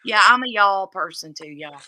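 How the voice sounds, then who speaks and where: A woman's voice: mid-range voice, animated, moderate pace, sharp tone, no echo. A woman co-hosting a casual live craft stream, chatting playfully and reading out viewer comments, a little sleepy after a big meal. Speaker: livestream co-host.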